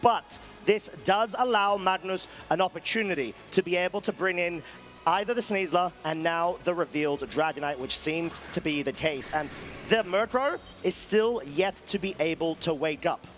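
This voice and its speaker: High-voiced excitable esports caster. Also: male voice, normal speed, soft background music. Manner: excitable, rises sharply at big plays. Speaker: esports commentator. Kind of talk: live play-by-play commentary.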